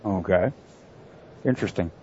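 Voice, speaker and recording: A man's voice: deep voice, moderate pace, a little mellow, a little hiss or hum. A man hosting a podcast in casual chat, laughing often and tripping over his words. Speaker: podcast host. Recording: dry, dull lo-fi mic.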